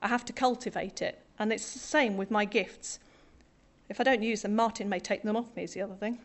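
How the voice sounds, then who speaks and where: A woman's voice: mid-range voice, fairly even intonation, fairly quick, a little hiss or hum. A middle-aged woman from Britain preaching a sermon to a congregation, conversational and self-deprecating with humour.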